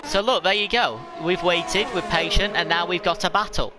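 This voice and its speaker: Chatty sim racing commentator. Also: male voice, sits high, normal speed, few pauses, background noise. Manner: chatty, rambling, laughs at himself. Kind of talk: live esports race commentary.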